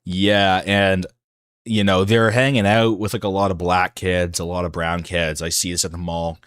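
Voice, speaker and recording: A man's voice: low voice, flat delivery, moderate pace, a bit bright, clear, resonant tone, no echo, clean studio sound. A man hosting a livestream, talking in a casual, rambling monologue full of fillers and restarts. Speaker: livestream host.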